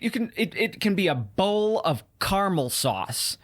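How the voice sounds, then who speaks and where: A man's voice: on the high side, big pitch swings, brisk, hardly any pauses, a bit bright. A male podcast host delivering a sarcastic, exasperated comedic rant.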